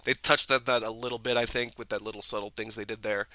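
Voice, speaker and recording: A man's voice: fairly low pitch, flat delivery, fast, sharp tone, rough recording. A man co-hosting a casual movie review podcast, talking enthusiastically in long rambling runs full of restarts. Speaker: podcast co-host.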